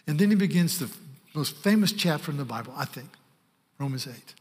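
Male pastor, fairly high voice, earnest emphatic sermon delivery, long hall reverb. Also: fairly bright tone. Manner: earnest, emphatic preaching with slowed stresses.

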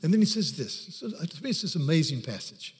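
A man's voice: fairly high pitch, very animated, fast talker. Man preaching in a reverberant hall. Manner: storytelling, rising to emphatic preaching on scripture. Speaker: pastor. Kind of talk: sermon.

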